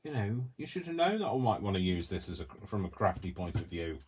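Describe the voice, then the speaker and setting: A man's voice: fairly low pitch, sing-song, a little fast, few pauses, a little hiss or hum. A man hosting a crafting video, chatting in a rambling, self-deprecating way as he works. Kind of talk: casual chat while crafting.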